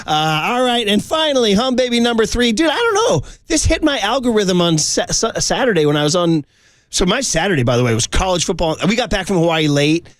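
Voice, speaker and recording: A man hosting a sports talk show, riffing casually and excitedly in slangy chat with a co-host. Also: high-pitched, fairly quick, no room sound, studio quality.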